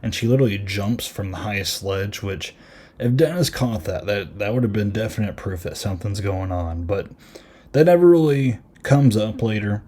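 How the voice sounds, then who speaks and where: A man's voice: lowish voice, expressive, moderate pace, warm tone. A man hosting a podcast, giving a casual, rambling film review full of fillers and retold lines. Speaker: podcast host.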